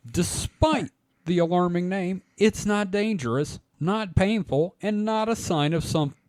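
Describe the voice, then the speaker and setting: A man's voice: fairly high pitch, darkish tone, no echo, studio quality. A man hosting a casual podcast, joking and laughing often as he reads an article aloud. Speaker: podcast host.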